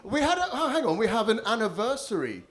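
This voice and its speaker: Very high, sing-song, and quick-paced, this man's voice carries his hosting of a live comedy show. At a venue with an audience, he works the crowd on a handheld stage mic, needling people with crude and cheeky banter.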